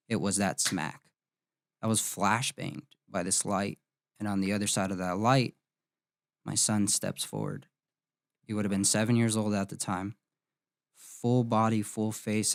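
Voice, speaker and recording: Low-voiced man telling a raw personal story. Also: fairly even intonation, vocal fry, dry recording, studio quality. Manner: emotional, heartfelt, halting with restarts. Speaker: podcast host.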